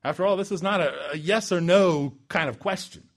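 A man preaching a sermon, building to loud emphatic peaks and dropping low and slow for weight. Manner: dramatic swings in pitch and loudness, slows for emphasis.

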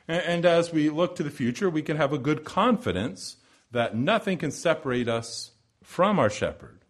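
A man preaching a sermon in a measured, rhetorical way, repeating phrases and building to swells of emphasis. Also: mid-range voice.

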